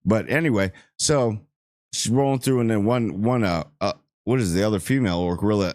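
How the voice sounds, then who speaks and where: A man giving a casual, rambling spoiler review of a TV episode, joking and acting out characters in quick asides. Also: fairly low pitch, a little mellow, dry recording, clean studio sound. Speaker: show reviewer.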